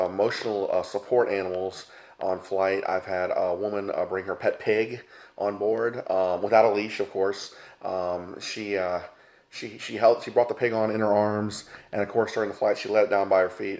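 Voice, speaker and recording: A man's voice: low voice, darkish tone. A middle-aged man, a former flight attendant, telling stories casually with lots of fillers and calling viewers folks. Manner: rambling, many fillers, addresses viewers as folks. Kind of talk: casual storytelling to camera.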